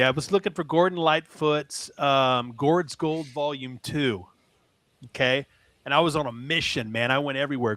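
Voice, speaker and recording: A man's voice: a little high, a bit bright, no echo. A man co-hosting a music podcast, telling a rambling anecdote in casual chat. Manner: rambling anecdote with laughs, acts out voices. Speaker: podcast co-host.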